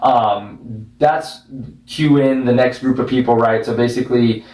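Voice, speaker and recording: A man's voice: medium pitch, a little slow, a little mellow. A man with a mid-range voice talks through a film's plot in a loose, rambling way, often checking in with the others. He sits back from the mic, and the room around him rings. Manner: rambling recap, frequent "right?" checks. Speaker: podcast co-host. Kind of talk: casual movie review chat. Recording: roomy sound, distant mic.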